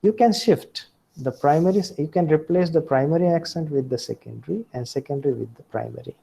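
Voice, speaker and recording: A man with an Indian English accent giving a recorded lecture, speaking deliberately with frequent fillers and self-corrections. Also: a little high, vocal fry, mellow, husky, low-quality recording.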